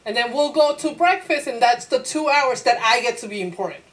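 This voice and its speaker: Animated woman teacher lecturing a class. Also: a little high, fairly quick, rough recording. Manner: lively, acts out her own inner voice in quotes; laughs easily, asks the class rhetorical questions.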